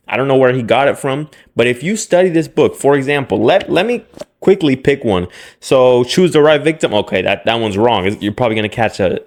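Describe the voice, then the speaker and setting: A man giving blunt dating advice straight to camera, talking in slang and jumping into mocking impressions of other guys. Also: medium pitch. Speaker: dating coach. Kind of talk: direct-to-camera advice monologue.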